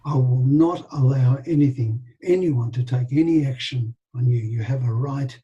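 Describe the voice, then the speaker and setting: An older man, telling animated anecdotes with quoted dialogue as an interview guest. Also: medium pitch, normal speed, highs cut off. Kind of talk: storytelling in a casual interview.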